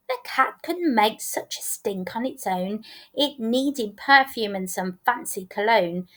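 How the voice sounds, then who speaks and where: Slow, high-voiced woman reading a story. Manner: rhythmic, expressive rhyming delivery. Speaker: teacher reading a picture book aloud. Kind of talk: storybook read-aloud.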